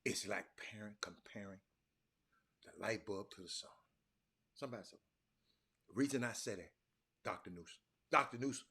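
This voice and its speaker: A man hosting a casual livestream talk from a hotel room. He is an animated storyteller who repeats and restarts words and keeps calling out to his viewers as y'all. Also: fairly low pitch, moderate pace, long pauses, breathy edge. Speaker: talk show host.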